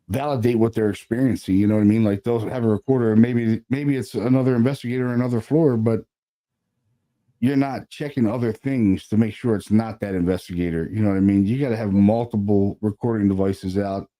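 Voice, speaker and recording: A laid-back man talks shop as a paranormal investigator in easy, casual chat. His voice sits low and very dark and mellow, and he keeps tagging his points with friendly filler. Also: fairly even intonation, brisk. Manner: laid-back, peppers talk with "you know what I mean" and "man".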